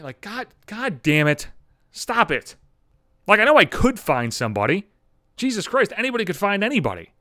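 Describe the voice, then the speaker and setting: A man's voice: on the high side, sing-song, brisk, fairly bright tone, smooth, no room sound, clean studio sound. A man in his thirties from the Buffalo area hosting a podcast, ranting in a profane, exasperated and sarcastic casual monologue. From Buffalo area, USA. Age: 30s. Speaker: podcast host.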